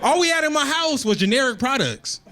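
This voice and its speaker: A man with a very high voice performs loose, self-mocking stand-up on a club stage. The live audio is full of loud background noise. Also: very animated, fairly quick. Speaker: stand-up comedian. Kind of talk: stand-up comedy routine.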